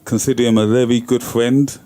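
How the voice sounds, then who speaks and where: A man's voice: medium pitch, flat delivery, a little fast, mellow. Upbeat, jokey man hosting a podcast. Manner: upbeat, jokey, loose and rambling. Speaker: podcast host. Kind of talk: casual podcast chat. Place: tour bus lounge.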